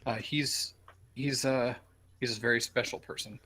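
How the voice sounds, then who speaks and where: Brief: male guest, mid-pitched everyday voice, coy and teasing delivery. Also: fairly even intonation, normal speed, pushed and bright. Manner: coy and teasing, hints without telling. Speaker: guest artist. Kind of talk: casual group chat on a call.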